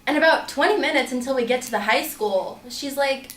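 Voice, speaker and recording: A woman's voice: high voice, brisk, hardly any pauses, a bit bright. A young woman telling a personal story to an audience in a chatty way, full of filler words. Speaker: student storyteller. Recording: roomy, distant mic, faint hum.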